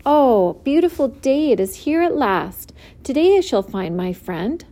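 A woman voicing an eager, earnest young male pig in a storybook reading, high and pleading. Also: sing-song, measured pace, dark tone. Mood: joyful.

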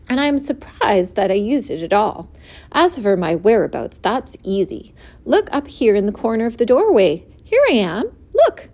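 A woman voicing a kindly, calm female spider in a storybook reading, gentle and friendly. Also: fairly high pitch.

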